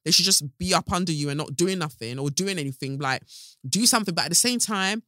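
A man's voice: high-pitched, lively intonation, quick pace, sharp tone, no echo, clean studio sound. A man hosting a podcast, reacting emotionally and animatedly to a listener's message in casual slang. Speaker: podcast host.

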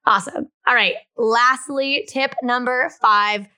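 Casting: upbeat woman co-host, bright higher voice, dry close sound, lively chat. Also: unhurried, smooth, no echo. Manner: animated, acts out quotes with exaggerated enthusiasm. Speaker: podcast co-host. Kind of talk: casual chat.

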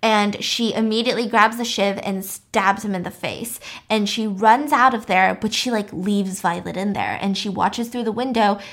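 A young adult woman casually retelling a film plot, talking quickly with lots of fillers and animated quoted lines. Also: medium pitch. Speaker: podcast host recapping a film. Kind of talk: casual storytelling chat.

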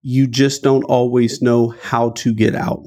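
A man's voice: level tone, a little slow, darkish tone. A middle-aged man from Dayton, Ohio, telling an emotional personal story as an interview guest. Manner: earnest, emotional, rising pitch at painful moments. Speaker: guest author.

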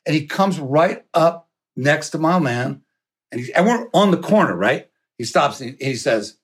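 Animated husky-voiced man telling a story. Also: fairly high pitch, moderate pace. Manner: animated, swearing, laughing storyteller. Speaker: podcast guest. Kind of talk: storytelling anecdote.

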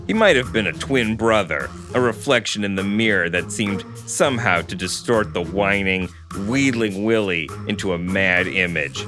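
A man co-hosting a podcast, reading a novel aloud and chatting about it in a relaxed way. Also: lowish voice, normal speed, hardly any pauses, music in the background. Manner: relaxed, chuckles between remarks. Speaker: podcast co-host and reader.

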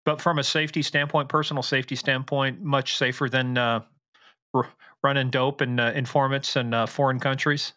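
Bright-voiced chatty male podcast host. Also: mid-range voice, little pitch movement, moderate pace, dry recording. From Southwest Kansas. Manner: chatty, joking, calls guest brother. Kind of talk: casual interview chat.

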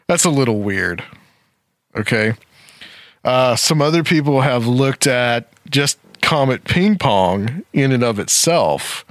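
A man's voice: mid-range voice, fairly bright tone, dry recording, studio quality. A man hosting a talk show, speaking casually and rambling with frequent fillers. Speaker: podcast host.

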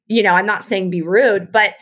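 A woman's voice: medium pitch, steady tone, moderate pace, a bit bright. Reflective woman podcast guest. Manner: reflective, frequent "like" fillers. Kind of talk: casual chat.

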